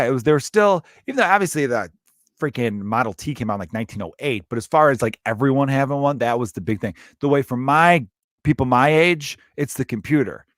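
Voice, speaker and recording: A man's voice: mid-range voice, a bit bright, no echo, studio quality. A young man hosting a solo podcast, talking in a rambling, profane and jokey way. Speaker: podcast host. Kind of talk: casual solo podcast talk.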